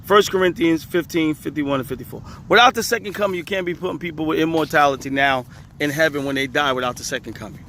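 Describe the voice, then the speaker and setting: A religious teacher with a fairly high, sharp voice talks fast through scripture in a casual video, with slight background noise. He repeats his points emphatically and chuckles often.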